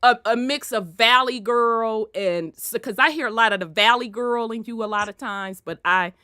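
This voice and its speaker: A woman with a Southern accent hosting an online talk show, telling stories in a loud, animated way with plenty of profanity. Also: on the high side, normal speed, clean tone, no room sound, clean studio sound. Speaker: host. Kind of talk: casual chat.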